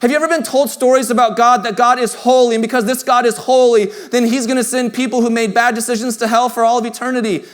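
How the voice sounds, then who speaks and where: Earnest high-voiced male pastor preaching. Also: flat delivery, fast, few pauses. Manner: earnest and conversational, with emphatic build-ups and quiet soft-spoken passages. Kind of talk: sermon. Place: church sanctuary.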